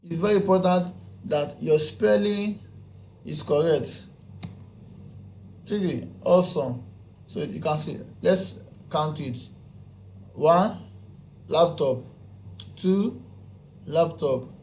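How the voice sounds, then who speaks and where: A man's voice: on the high side, slow, long pauses, darkish tone, a little hiss or hum. A man teaching a spreadsheet tutorial. He counts items aloud one by one, repeats his key points and answers his own questions. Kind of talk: screen-recorded software tutorial.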